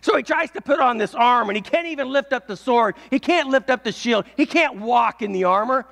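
A male pastor preaching a sermon, telling a story and swelling into shouts at its peaks. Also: very high-pitched, expressive, a little fast, creaky. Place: church. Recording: echoey church hall.

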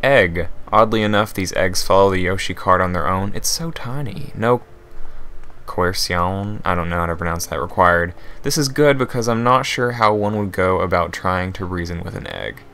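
A man's voice: deep voice, moderate pace, creaky, few pauses, bright, forceful tone, slight background noise. A young man hosting a let's play, joking as he reads game text aloud and riffs on it. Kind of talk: casual gameplay commentary.

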